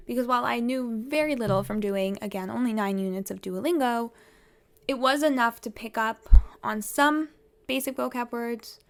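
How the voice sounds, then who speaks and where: A woman's voice: on the high side, moderate pace, creaky. A woman vlogging about theatre in a chatty, rambling way, laughing often. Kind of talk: casual vlog chat.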